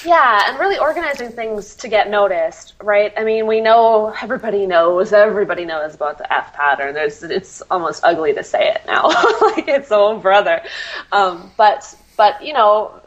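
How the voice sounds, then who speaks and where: A woman's voice: medium pitch, animated, moderate pace, lo-fi sound. A woman copywriter answering interview questions, laughing often and apologizing for herself, with many ums. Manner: self-deprecating, laughs often, many fillers.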